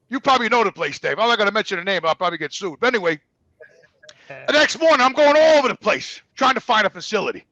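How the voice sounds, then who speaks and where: Man, very high pitch, fast, gravelly, bright tone, dry sound, profane and emphatic storyteller. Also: no room sound, muffled recording. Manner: profane, emphatic, acts out quoted voices. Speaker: guest storyteller. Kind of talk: casual storytelling.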